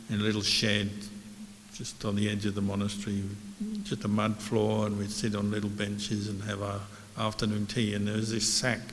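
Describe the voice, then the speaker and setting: Low, even-toned monk telling a story. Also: male voice. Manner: easygoing, anecdotal, gentle humor. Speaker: Buddhist monk teacher. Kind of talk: relaxed dharma talk storytelling. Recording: hall reverb with faint hiss.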